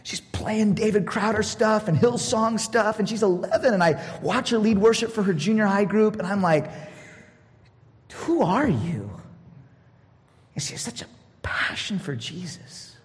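Expressive higher-voiced pastor in a hall. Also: male voice, moderate pace. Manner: expressive, laughing, swings between loud and hushed. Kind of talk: personal sermon. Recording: long hall reverb.

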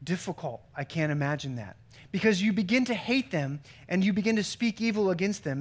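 A man's voice: sits high, animated, fairly quick. A man pastor giving a sermon in a conversational way, with joking asides and stories. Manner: conversational preaching with joke-telling asides.

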